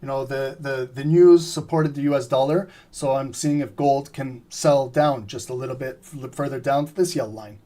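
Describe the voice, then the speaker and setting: A man giving live trading commentary, explaining steadily and often clearing his throat as he says he is losing his voice. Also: mid-range voice, normal speed, few pauses. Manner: steady explanatory, repeats "remember" and "right?". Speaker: trading streamer.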